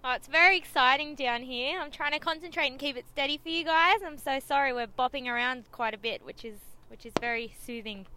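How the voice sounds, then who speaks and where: A woman's voice: high-pitched, brisk, few pauses, sharp tone, a little hiss or hum. A woman filming from a bobbing boat, talking with a small laugh. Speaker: camerawoman.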